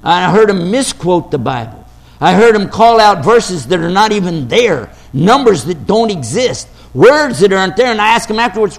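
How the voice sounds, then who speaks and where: A man giving an argumentative religious talk, quoting scripture dramatically and at times shouting. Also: sits high, very animated, moderate pace. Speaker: Islamic preacher.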